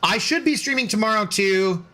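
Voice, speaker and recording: A man's voice: high-pitched, lively intonation, moderate pace, pushed and bright. Rambling, chatty male game streamer. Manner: rambling and chatty, reads chat messages aloud and greets viewers. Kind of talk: casual live-stream commentary.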